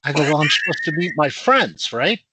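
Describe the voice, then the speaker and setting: A middle-aged man telling a long, animated story to old friends on a podcast, laughing as he goes. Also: a little high, brisk, noisy background. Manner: animated anecdote teller who laughs through his story. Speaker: podcast guest.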